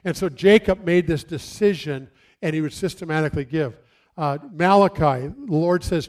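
Man with a high voice giving an outdoor sermon, animated storytelling. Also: fairly quick. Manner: animated, acts out stories and quotes. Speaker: pastor. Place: outdoors near trees.

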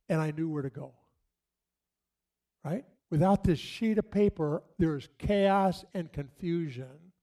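In a warm voice on the high side, a middle-aged pastor preaches, telling his stories conversationally and pausing dramatically.

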